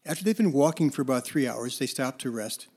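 A man's voice: mid-range voice, lively intonation, fairly quick, a little mellow, slightly rough. A male counselor telling parables in a conversational talk, with fillers and restarts. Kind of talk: storytelling talk on forgiveness.

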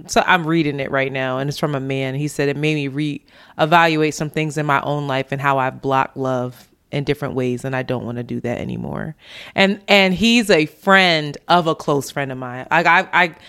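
A woman co-hosting a podcast, talking casually about her week. Her voice is smooth and clear and sits a little low. She tells stories with lots of laughter and jumps up high when she quotes people. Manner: animated storytelling, laughs often, voice jumps high when quoting. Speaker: podcast co-host. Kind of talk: casual chat.

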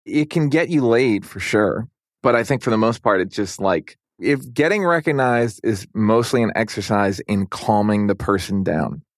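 Low-voiced man, loose rambling chat. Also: normal speed, no room sound, studio quality. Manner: loose and rambling, heavy use of "like". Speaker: guest. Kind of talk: casual podcast conversation.

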